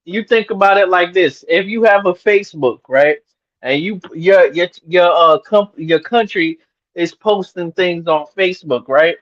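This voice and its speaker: A man on a casual livestream panel, explaining slowly and stumbling over repeated words. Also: sits high, fairly bright tone, highs cut off.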